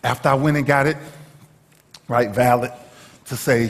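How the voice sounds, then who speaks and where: A man giving a motivational speech to a live audience, telling a story dramatically and swinging from shouts to hushed lows. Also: steady tone, moderate pace. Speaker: motivational speaker. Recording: echoey hall reverb.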